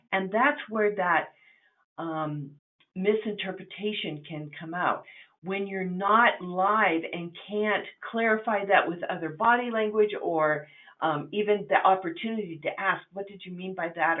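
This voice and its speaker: A woman gives a webinar lecture in a fairly low voice, explaining points in a conversational, instructive way with frequent ums. The sound is thin and tinny, like a phone line. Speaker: presenter.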